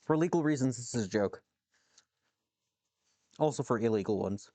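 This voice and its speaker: A man's voice: mid-range voice, animated, normal speed, dark tone, no echo. A man casually chatting with viewers on a live stream from his workshop, rambling, swearing and reacting to chat. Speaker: livestreamer answering chat while machining. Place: home workshop with a lathe.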